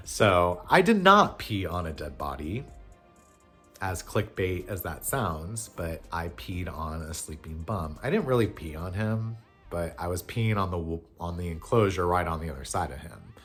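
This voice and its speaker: A man in his thirties tells a funny story from his youth in a husky, somewhat low voice. He talks casually and animatedly, bursting into loud shouts when he acts out the panic. Faint music plays underneath. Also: expressive, moderate pace. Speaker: vlogger telling a personal story.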